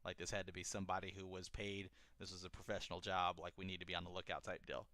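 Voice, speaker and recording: A man's voice: low-pitched, little pitch movement, quick pace, sharp tone, dry recording, studio quality. A young man co-hosting a podcast, retelling a story in a rambling, laid-back way, full of fillers and swearing. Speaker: podcast co-host. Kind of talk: casual chat.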